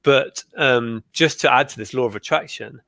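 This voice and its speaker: A man speaking as a guest in a casual group discussion, hesitant and measured. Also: medium pitch, vocal fry, a bit bright, no echo.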